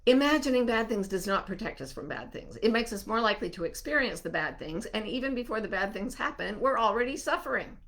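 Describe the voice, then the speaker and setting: A woman hosting a live online gathering, answering listener questions in an animated, reassuring way. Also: a little high. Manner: warm, animated, soothing when slowing down.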